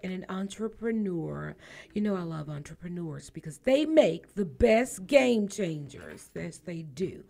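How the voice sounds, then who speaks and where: A woman's voice: mid-range voice, warm tone. Woman, radio talk show host, playful, teasing, laughs a lot, studio.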